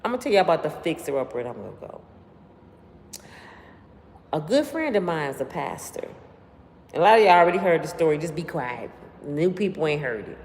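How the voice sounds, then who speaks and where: A woman hosting a livestream, telling stories straight to her viewers in an animated, slangy way. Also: sits low, fairly quick, pauses often. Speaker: livestream host. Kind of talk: casual storytelling to live viewers. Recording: long room reverb, faint background noise.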